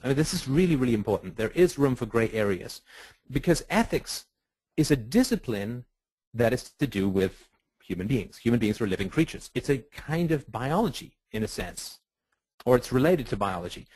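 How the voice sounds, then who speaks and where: A man giving a webinar lecture on ethics, animated and rhetorical, acting out the voices of people he quotes. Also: mid-range voice, husky, dry recording, rough recording. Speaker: webinar speaker.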